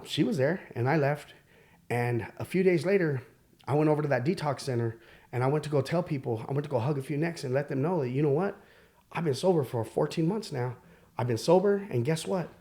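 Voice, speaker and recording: A man telling his own life story as a podcast guest, candid and halting, with many fillers and restarts. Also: on the high side, darkish tone. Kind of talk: personal storytelling.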